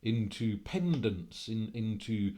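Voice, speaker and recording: A handsome, wealthy stranger, played by a male storyteller, with a foreign accent that is hard to place. He speaks slowly, with courtly insistence. The voice is a little higher than the narrator's own. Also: animated, mellow, slight background noise. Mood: persuasive. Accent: put-on unplaceable foreign accent. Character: handsome, rich young stranger, insistent and smooth.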